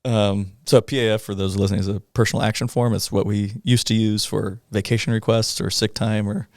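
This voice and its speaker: The guest here, a middle-aged police officer, has a lowish, creaky voice with flat delivery, recorded close and dry with no room sound. Telling an interviewer a personal story, he speaks haltingly and casually, often pausing on fillers, and occasionally breaks into a rueful laugh.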